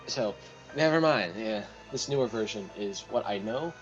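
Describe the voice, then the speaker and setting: A man's voice: mid-range voice, moderate pace, highs cut off, faint music behind. A man playing a tabletop role-playing game, rambling and thinking aloud as he plans, with frequent restarts. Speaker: player. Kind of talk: casual tabletop role-play.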